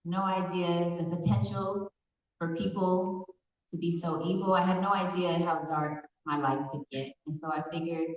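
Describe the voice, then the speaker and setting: A woman from Pasadena, California, giving personal testimony as a survivor speaker in a large hall, telling her story earnestly with hesitant pauses. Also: on the low side, fairly even intonation. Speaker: survivor speaker at an awareness event. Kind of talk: personal testimony in a public talk. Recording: echoey hall from far off, dull sound.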